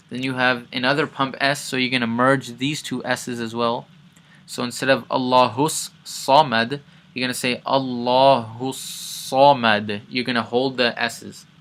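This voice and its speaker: A man teaching Quran recitation in a casual lesson. He explains each sound step by step, repeats words several times and chants the recited verses louder. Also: medium pitch.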